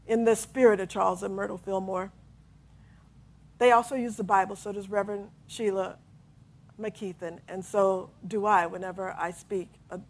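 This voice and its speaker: A middle-aged woman minister giving an expressive sermon, leading her congregation in spoken affirmations and laughing often. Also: mid-range voice. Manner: expressive preaching, leads call-and-response affirmations, laughs often.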